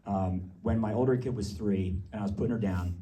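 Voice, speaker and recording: A man doing a stand-up comedy set, telling stories in a lively, animated way with quick asides, recorded live on a stage mic. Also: lowish voice, a little hiss or hum. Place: small live comedy venue. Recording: distant live room recording with crowd. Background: audience laughter.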